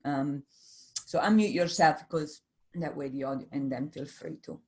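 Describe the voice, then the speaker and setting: Host: woman, lowish voice, halting encouraging chat over a video call. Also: a little mellow. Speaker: host of online business meeting.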